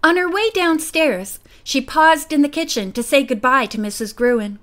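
A woman narrating a girls' mystery audiobook in a measured, quiet storytelling manner. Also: fairly high pitch. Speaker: audiobook reader. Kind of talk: scripted narration.

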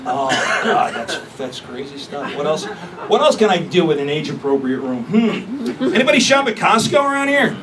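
A man's voice: on the high side, big pitch swings, moderate pace, a crowd in the background. A man doing a crude, brash stand-up comedy set, recorded on a distant mic with room noise. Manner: brash, crude, punchy delivery.

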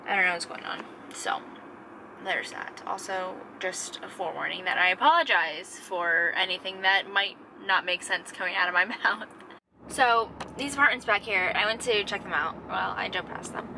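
A woman's voice: mid-range voice, moderate pace, vocal fry, background noise. A young woman vlogging in a casual, rambling, self-deprecating way, sounding tired and drained. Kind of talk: casual vlog chat. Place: car and home.

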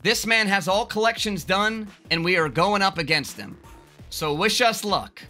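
A man giving excited, joking gameplay commentary with crude trash talk and bursts of yelling. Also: sits high, normal speed, soft background music. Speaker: gaming video creator.

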